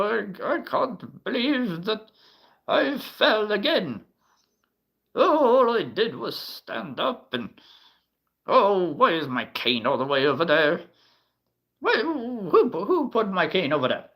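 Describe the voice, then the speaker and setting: A man putting on a high, doddering old grandpa. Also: fairly bright tone, exaggerated voice, low-quality recording. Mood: flustered. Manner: slow, quavering grumbling. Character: cranky elderly grandpa, high-pitched and doddering.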